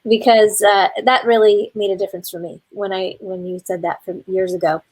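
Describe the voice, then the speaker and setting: A woman's voice: medium pitch, flat delivery, a little fast, a little mellow, poor audio. A woman hosting an interview, speaking in an affirming way with frequent fillers. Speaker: host. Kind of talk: casual conversational interview.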